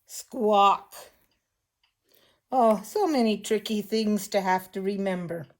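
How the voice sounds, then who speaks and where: An older woman teaching children phonics, slowly and patiently sounding out words and letters. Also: mid-range voice, a little mellow.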